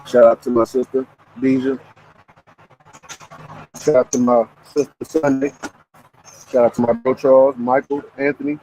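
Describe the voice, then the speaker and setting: A man's voice: mid-range voice, moderate pace, long pauses, a little hiss or hum, poor audio. Joking man chatting over breakfast. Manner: relaxed, joking, talks to viewers. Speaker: vlogger. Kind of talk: casual live-stream chat while eating.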